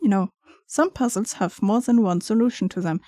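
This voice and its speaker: A woman's voice: mid-range voice, moderate pace, dark tone, no echo. A young woman playing through a game, reading its text aloud with chatty, giggly asides. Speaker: gaming streamer.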